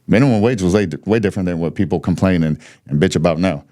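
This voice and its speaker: Deep-voiced blunt man telling his story. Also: fast, mellow. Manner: blunt, swears freely, laughs between points. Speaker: podcast guest. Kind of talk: candid conversational storytelling.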